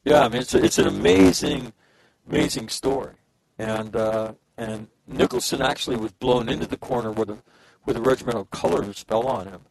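A man with a deeply gravelly, husky voice tells a story in an easygoing, profane way. His pitch swings widely as he acts out the dialogue, and the sound is dry and close. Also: moderate pace, a little mellow, no room sound, poor audio. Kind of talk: casual storytelling.

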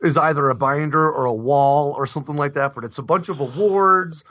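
A man's voice: fairly high pitch, a little fast, fairly bright tone, no room sound. A man hosting a casual podcast conversation, speaking in a reflective, plain-spoken way. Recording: dull, lo-fi dry recording.

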